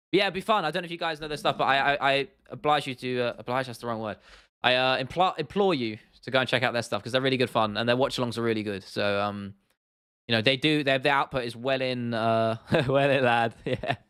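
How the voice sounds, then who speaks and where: Young southern English man, livestream host, loose and chatty, bright, smooth delivery. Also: medium pitch, quick pace. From southern England. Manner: chatty, laughs often, repeats himself, addresses chat as bro and lad. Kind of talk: casual livestream chat reading viewer comments.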